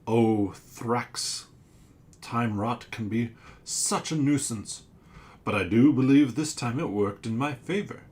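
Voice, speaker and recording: A man voicing a giant male squid-like sea monster, speaking in a loud, theatrical, booming voice for a storybook game. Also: slow, lightly acted.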